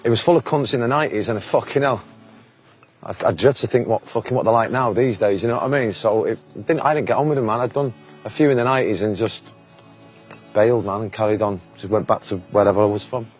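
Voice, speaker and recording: A man's voice: lowish voice, quick pace, a little mellow, soft background music. A Mancunian man in his forties, telling blunt, sweary anecdotes in a casual interview and laughing often. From England.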